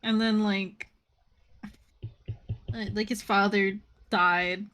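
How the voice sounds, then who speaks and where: Speaking slowly in a mid-range voice, a woman livestreams and animatedly walks viewers through movie scenes, laughing often and dropping the odd swear word.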